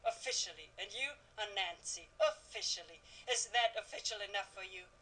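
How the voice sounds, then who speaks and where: A woman's voice: medium pitch, moderate pace, bright, forceful tone, breathy edge, rough recording. A woman voicing an old female storyteller in a video game, with a put-on German accent and a theatrical, mysterious manner. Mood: teasing. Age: older. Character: old female storyteller, ominous and food-loving. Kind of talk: video game character acting.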